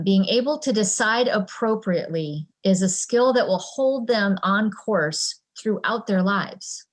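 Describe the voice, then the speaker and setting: A woman presenting a parenting talk in a conversational way, acting out exchanges between parent and child. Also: mid-range voice.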